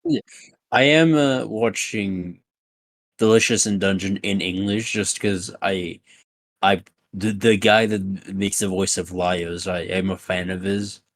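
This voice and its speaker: A tabletop game player with a lowish male voice and a dry, close sound. He chimes in with short, easygoing remarks. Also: fairly even intonation, slow, dry recording. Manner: brief, low-key remarks. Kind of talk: casual chat during a tabletop game.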